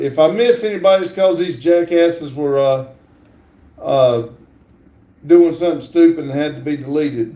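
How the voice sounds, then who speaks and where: A man hosting a casual livestream, reading viewer comments aloud in a halting drawl from a garage workshop. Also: fairly high pitch, gravelly, dark tone, roomy sound, low-quality recording. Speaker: livestream host reading chat.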